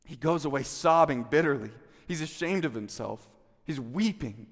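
Animated preacher man in a reverberant hall. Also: medium pitch, normal speed. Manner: animated storytelling, acting out quotes with rising intensity. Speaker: pastor. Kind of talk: sermon.

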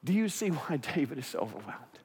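A man preaching a sermon as pastor, swinging from quiet, intimate stretches to loud, fired-up passages. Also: on the high side, very animated, brisk, big-room sound, a crowd in the background, background noise.

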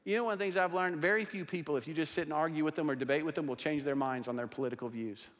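A male pastor preaching a sermon to a congregation, swinging between loud declarations and hushed, intense asides. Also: fairly high pitch, very fast. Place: church sanctuary with a congregation. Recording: long hall reverb.

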